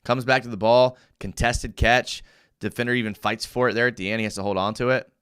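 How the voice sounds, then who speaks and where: A young man hosting a live fan show and breaking down game film, animated and easily worked up as he reads viewer comments. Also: medium pitch, a little fast, clear, resonant tone.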